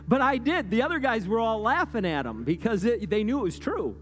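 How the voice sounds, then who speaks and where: A man preaching a sermon in a loose, conversational way, often checking in with "right?" and climbing in pitch and volume as he gets worked up. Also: big pitch swings, fairly quick. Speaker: pastor. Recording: long hall reverb with guitar playing underneath.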